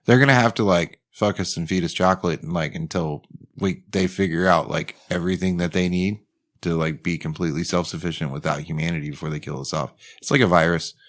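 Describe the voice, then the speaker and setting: A man's voice: sits low, steady tone, fairly quick. A man co-hosting a casual podcast, joking crudely and laughing often. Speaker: podcast co-host. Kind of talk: casual chat.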